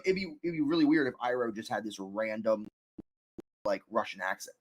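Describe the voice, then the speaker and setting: A man with a slightly low voice talks through a cartoon episode in a loose, rambling way. He circles back on his points with lots of fillers and restarts. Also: lively intonation, fairly quick, slight background noise. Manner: rambling, many fillers and restarts, laughs loudly. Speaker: co-host reviewing an episode. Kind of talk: casual review chat.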